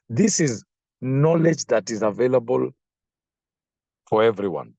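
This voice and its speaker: A man preaching a sermon, slow and emphatic, repeating phrases for effect. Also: mid-range voice, expressive, a little mellow, no room sound.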